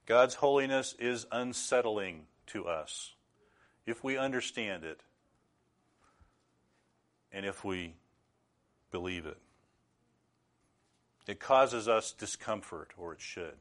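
A middle-aged man preaching a sermon in an earnest, measured way, now and then rising to loud bursts. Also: on the low side.

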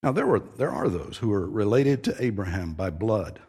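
Male preacher, low husky voice, steady emphatic sermon delivery. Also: moderate pace. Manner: emphatic, earnest teaching with repeated stressed phrases. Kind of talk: expository sermon.

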